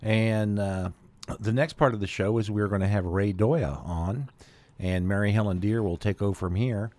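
A man's voice: on the low side, moderate pace, no echo. Male radio host in a studio, easygoing, hesitant delivery, dry close-miked sound. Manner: relaxed, hesitant with fillers. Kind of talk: casual radio announcing.

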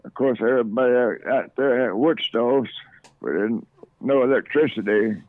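An older man from Oklahoma is interviewed and recalls his childhood in a slow, plain way. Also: medium pitch, no echo. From Oklahoma, USA. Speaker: elder being interviewed. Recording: tinny dry phone line.

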